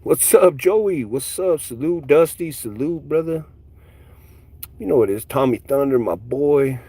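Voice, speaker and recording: A man's voice: medium pitch, lively intonation, measured pace, warm tone, slightly rough, no echo. A man hosting a casual livestream, ranting with profane, mocking trash talk while driving. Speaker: livestream host. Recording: street and car noise behind.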